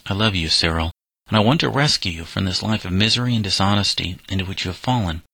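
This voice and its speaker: A calm, stern young farmhand, firm and earnest as he reasons with a boy, as a man reads him in a storybook. The voice is very deep, with a bright, forceful tone, and the recording is close and dry. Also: quick pace, vocal fry, dry recording, heavily acted.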